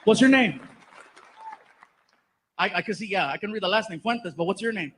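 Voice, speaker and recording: A man performing stand-up, telling an animated story and acting out the voices, on stage before a live audience. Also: high-pitched, moderate pace, some chatter behind, low-quality recording. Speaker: stand-up comedian. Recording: live stage recording with background noise.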